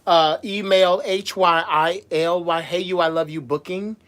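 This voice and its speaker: A man who performs as a drag MC, hosting a casual livestream from Las Vegas, reading out viewer comments and answering them in an animated, sassy way. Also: sits high, measured pace. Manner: animated and sassy, calls viewers girl and boo, frequent laughs.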